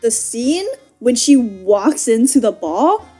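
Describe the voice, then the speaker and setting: A woman's voice: fairly high pitch, very animated, slow, warm tone, breathy edge, faint music behind. A young woman hosting a casual movie reaction, who laughs often, swears and talks to the characters on screen. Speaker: reaction video host.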